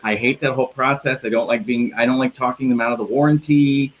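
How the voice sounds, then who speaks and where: A man's voice: mid-range voice, steady tone, quick pace, slight background noise, poor audio. A man from the Midwest hosting a casual live interview over a video call, chatty and joking, often restarting his phrases. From American Midwest. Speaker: interview host.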